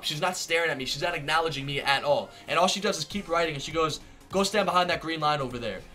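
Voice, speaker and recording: A young man telling a story to camera in a casual vlog, animated and exaggerated, slipping into voices as he retells it. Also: fairly high pitch. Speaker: vlogger.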